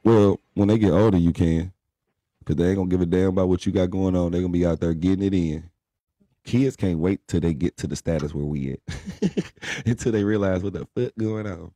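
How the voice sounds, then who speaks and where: A man's voice: deep voice, brisk, dark tone, dry recording. A young man co-hosting a casual live stream, talking bluntly and with lots of profanity, lecturing his viewers. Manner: blunt, profane, preachy pep talk. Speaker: livestream co-host.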